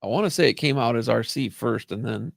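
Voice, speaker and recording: A man in casual chat, telling rambling, animated stories and cursing freely. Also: mid-range voice, fairly quick, vocal fry, no room sound, clean studio sound.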